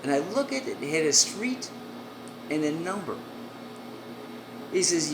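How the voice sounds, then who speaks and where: Animated woman telling a comic story. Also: low-pitched. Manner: brisk, animated, acts out voices. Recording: echoey room, air-conditioning hum.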